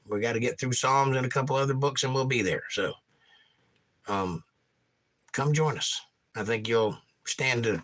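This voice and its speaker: A hoarse man hosts a relaxed livestream, drifting from topic to topic as he reads out viewers' comments. His voice has a bright, sharp edge even though its upper range is worn out. A guitar can be heard behind him. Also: medium pitch, low-quality recording. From Georgia, USA. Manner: folksy, rambling, reads comments aloud. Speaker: livestream host and pastor. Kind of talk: casual livestream chat reading viewer comments.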